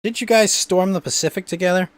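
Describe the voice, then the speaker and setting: A man's voice: high-pitched, quick pace, dry recording. A man hosting a streamed podcast, joking around and answering his chat. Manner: playful, reads and answers chat.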